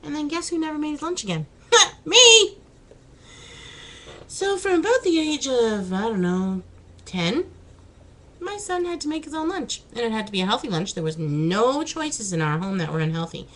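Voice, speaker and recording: A woman's voice: fairly high pitch, big pitch swings, fairly quick, a little hiss or hum, rough recording. A woman chatting casually in a home vlog, laughing and exclaiming as she talks. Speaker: vlogger. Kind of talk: casual chat.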